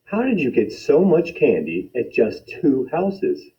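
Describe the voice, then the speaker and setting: A man's voice: medium pitch, huge pitch swings, unhurried, voice pushed up. A man voicing a blunt, tough adult policeman in a brusque storybook reading. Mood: puzzled. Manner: brusque, no-nonsense. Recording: dull lo-fi recording.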